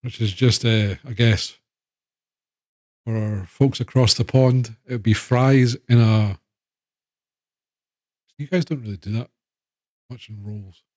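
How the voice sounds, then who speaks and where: A man's voice: mid-range voice, steady tone, takes it slowly, pauses often, darkish tone, no room sound, clean studio sound. A man with a Scottish accent, chatting casually and rambling on a live stream. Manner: chatty, rambling, self-interrupting.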